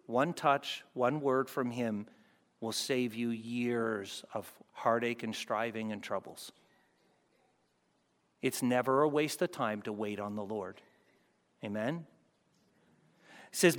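A man preaching a sermon as pastor, moving between loud fervent peaks and hushed, soft passages. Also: mid-range voice, takes it slowly, long pauses. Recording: long hall reverb.

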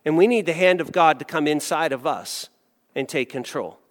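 A man preaching a sermon as a pastor, telling a story with animated acted-out voices. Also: on the high side, moderate pace, long reverb tail.

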